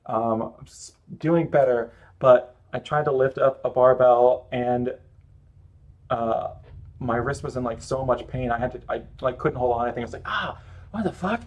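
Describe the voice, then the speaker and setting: A man's voice: medium pitch, flat delivery, moderate pace, a little mellow. A male streamer talks loosely as he draws, narrating every step. He rambles and pokes fun at his own mistakes in an easy, conversational way. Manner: rambling, self-mocking running commentary. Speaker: streamer drawing live. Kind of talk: casual chat while drawing.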